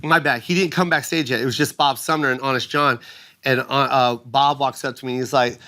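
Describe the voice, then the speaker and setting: A man telling a long story in casual podcast talk, animated, acting out quoted people in raised voices, with fillers, restarts and frequent "right?" checks. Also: medium pitch, brisk. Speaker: comedian guest telling a story.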